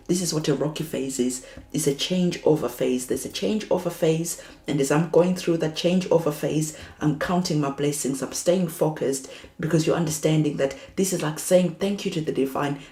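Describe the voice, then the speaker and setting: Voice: mid-range voice, normal speed, warm tone, reverberant. A tarot reader giving a spiritual reading in a soothing, reassuring way, repeating phrases as encouragement.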